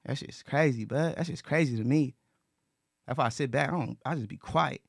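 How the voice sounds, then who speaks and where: A brisk man with a medium-pitched, creaky, husky voice talks casually in an echo-free studio recording. He is earnest, goes over the same points, keeps restarting his sentences, and curses.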